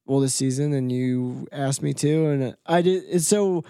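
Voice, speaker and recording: A man's voice: mid-range voice, measured pace, vocal fry, warm tone, smooth, no echo, clean studio sound. A man co-hosting a podcast in casual chat, joking and laid-back. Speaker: podcast co-host.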